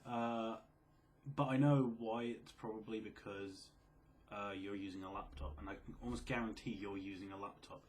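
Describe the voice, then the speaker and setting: A quiet, low-key young man in casual chat, reading out and answering viewer questions. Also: steady tone, normal speed, a little hiss or hum. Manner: quiet, low-key, self-described mellow and sleepy.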